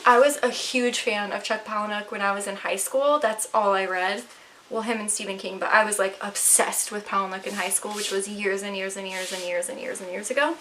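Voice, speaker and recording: A woman's voice: medium pitch, fairly even intonation, a little fast, fairly bright tone. A young woman chatting casually about her new books and gifts, enthusiastic and full of fillers, a little out of breath, at home. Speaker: vlogger. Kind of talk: casual book haul chat. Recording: slightly distant mic, faint noise.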